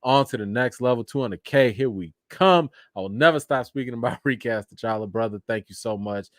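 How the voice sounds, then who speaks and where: A man hosts a casual live stream and reads viewer comments one after another. He thanks each person, laughs easily and jumps up high when something delights him. His mid-pitched voice sits close and dry on the mic. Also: brisk, dry recording. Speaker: livestream host.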